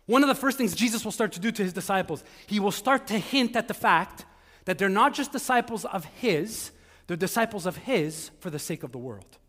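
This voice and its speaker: A high-pitched man preaches to his church, chatty and informal, slipping into the voices of the people he quotes. His voice rings out with the long reverb of a big hall. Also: lively intonation, fairly quick, fairly bright tone. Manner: conversational, acts out quoted voices. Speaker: pastor. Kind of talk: sermon. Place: church sanctuary.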